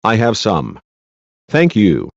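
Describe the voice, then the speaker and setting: A man's voice: on the low side, huge pitch swings, takes it slowly, creaky, dry recording, full character voice. A man reading a female witness's answers from a deposition, short and polite, in a dull lo-fi recording.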